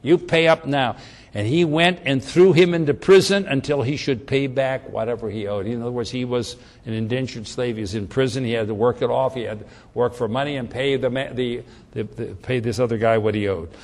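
A man preaching a sermon, telling the story with animated delivery and frequent restarts. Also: mid-range voice, a little fast.

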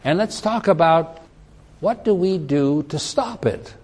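Man, sermon, storytelling, slightly high voice, acts out quotes. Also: animated, a little slow, a little mellow. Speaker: preacher.

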